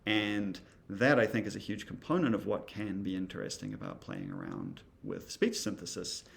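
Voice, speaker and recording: A man's voice: low-pitched, expressive, normal speed, creaky. A man giving a casual recorded lesson, thinking aloud with many ums and uhs. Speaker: instructor. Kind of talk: recorded lecture demonstrating software.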